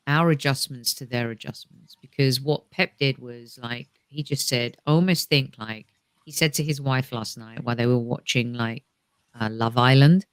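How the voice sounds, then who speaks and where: A woman's voice: rumbling low, clean tone, no echo. A woman guest on a casual podcast chat, talking in a rambling way with restarts and fillers.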